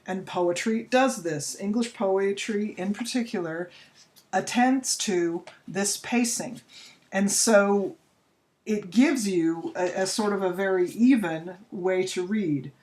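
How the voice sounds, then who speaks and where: A woman's voice: mid-range voice, slow pace, a little mellow. A woman teacher explaining poetry to her students in a recorded lesson, chatty and unscripted, exaggerating the rhythm when she reads verse aloud. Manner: uses fillers and restarts, chatty.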